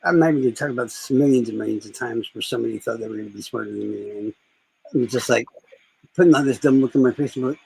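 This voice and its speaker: Male streamer, casual chat; rough, husky voice, rambling delivery. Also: mid-range voice, fast, darkish tone, rough recording. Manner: rambling, profane storytelling.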